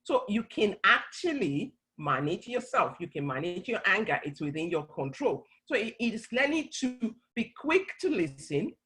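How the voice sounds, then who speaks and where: Woman, middle-aged, bright voice, earnest advice, conversational teaching, repeats herself. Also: medium pitch, very animated, moderate pace, few pauses, rough recording. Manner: earnest, repeats and restarts phrases while explaining. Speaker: speaker on a church talk panel.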